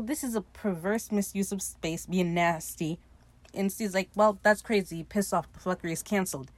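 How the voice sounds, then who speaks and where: Animated woman recapping episodes. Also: mid-range voice, dry recording. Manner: animated retelling with quick mimicked quotes and asides. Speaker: podcast host recapping a show. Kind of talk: casual chat.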